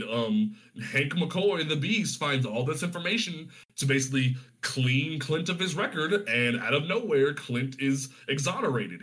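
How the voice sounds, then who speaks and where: A man retelling a comic storyline in casual chat, animated and full of profanity. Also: medium pitch.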